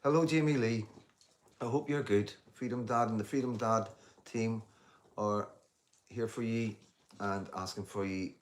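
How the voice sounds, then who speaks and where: A man's voice: on the low side, steady tone, unhurried, pauses often. Blunt man chatting on a livestream. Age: 50s. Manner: chatty and blunt, swears freely. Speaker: livestream host. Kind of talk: casual livestream chat, reading out viewer comments.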